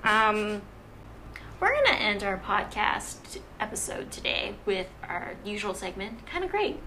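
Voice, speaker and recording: A bright, forward-sounding woman co-hosting a casual podcast. She chats loosely, laughs a lot and often trails off or restarts her sentences. Faint room noise sits behind her. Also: mid-range voice, very animated, takes it slowly. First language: Vietnamese heritage, speaks English. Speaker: podcast co-host. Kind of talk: casual chat.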